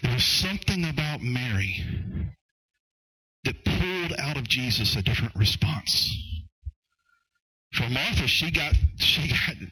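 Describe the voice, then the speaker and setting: A man delivering a sermon as pastor, his voice bright and forceful with a husky edge. He speaks emphatically, circling back on his words and calling out to the congregation. The sound is dry and close. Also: mid-range voice, expressive, a little slow, pauses often, no echo, poor audio. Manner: emphatic, repeats phrases, addresses the congregation directly.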